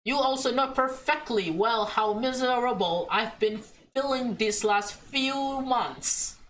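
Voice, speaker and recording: A woman's voice: on the high side, takes it slowly, fairly bright tone, slight background noise, rough recording. A woman voicing a hurt, reproachful young woman who is pulling away from her friend.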